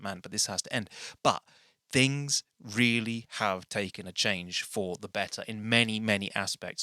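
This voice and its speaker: Chatting casually to the camera, this man introduces his own podcast from a small bedroom studio, rambling and poking fun at himself. His voice is fairly low, bright, and forceful, with no echo.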